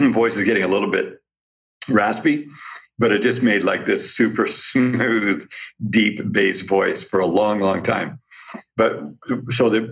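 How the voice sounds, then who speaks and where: A man's voice: on the low side, creaky. A man as the guest in a casual interview, talking enthusiastically and telling stories, with frequent restarts and small laughs. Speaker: guest, company founder.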